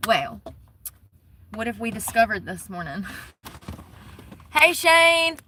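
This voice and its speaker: A woman's voice: mid-range voice, measured pace, fairly bright tone, slight background noise. A woman live-streaming from her parked truck on her phone. She chats casually with her viewers, laughs often and greets them by name.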